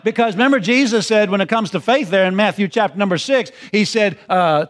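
High-voiced preacher building to shouts. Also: male voice, fast, hardly any pauses. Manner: folksy, repetitive, building to shouted emphasis. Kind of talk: sermon.

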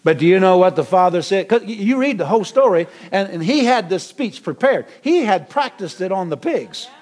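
A middle-aged man preaching a sermon as pastor, animated, with many repetitions and restarts. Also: high-pitched, a little fast.

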